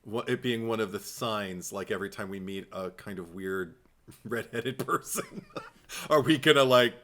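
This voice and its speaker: A man co-hosting a casual podcast, talking in an animated, playful way and laughing often. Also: lowish voice, measured pace. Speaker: podcast co-host.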